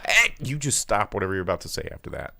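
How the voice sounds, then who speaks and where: A low-pitched man with a very lively, swooping delivery, co-hosting a casual movie chat show. He talks in an animated way, swears freely, and often drops into quick voices to mimic other people. The sound is dry and close, with almost no room around him. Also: creaky, no room sound. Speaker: podcast co-host.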